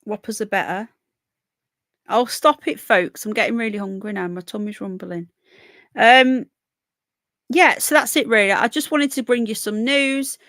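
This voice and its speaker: A woman's voice: fairly high pitch, normal speed, long pauses, a bit bright, no room sound, clean studio sound. A British woman hosting a live stream, chatting casually and rambling as she reads viewers' comments. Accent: British English. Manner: chatty, rambling, talks to chat viewers by name. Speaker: livestream host.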